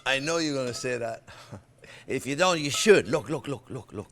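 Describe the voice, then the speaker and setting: An older man hosting a cooking demonstration, chatting warmly to viewers as friends and laughing often. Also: medium pitch, lively intonation, a little slow, faint music behind. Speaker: cooking show host. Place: home-style kitchen.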